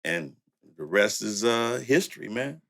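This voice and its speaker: A man's voice: on the low side, animated, unhurried, fairly bright tone. A middle-aged man with a Southern country accent, a music producer telling stories as an interview guest, laid-back and laughing as he acts out old conversations. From Louisiana, raised in the Bay Area. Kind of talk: storytelling interview.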